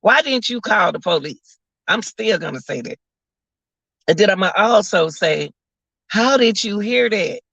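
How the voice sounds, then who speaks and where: A man gives casual live commentary, incredulous and repetitive as he addresses his viewers. His voice is gravelly with a bright, cutting tone. The recording is dry, dull and lo-fi. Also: high voice, animated, a little slow, dry recording. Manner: incredulous, repeats phrases, talks to viewers as y'all. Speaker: commentary vlogger. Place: at work, away from home. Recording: dull lo-fi audio.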